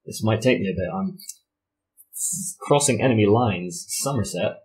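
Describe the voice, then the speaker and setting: A man's voice: fairly low pitch, lively intonation, moderate pace, a little mellow, breathy edge. A man running a tabletop game as game master, self-mocking and laughing often as he narrates.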